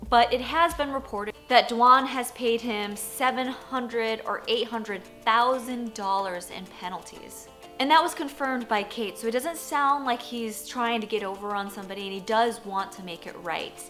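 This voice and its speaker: A woman in her thirties, a poker journalist, telling a story in a vlog, animated and full of "like", acting out her own reactions. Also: fairly high pitch, normal speed, faint music behind.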